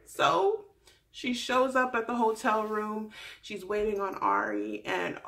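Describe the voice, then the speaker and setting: A young woman vlogging a casual recap, animated and exasperated, acting out quoted lines in other voices. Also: medium pitch, unhurried. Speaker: vlogger recapping a reality show.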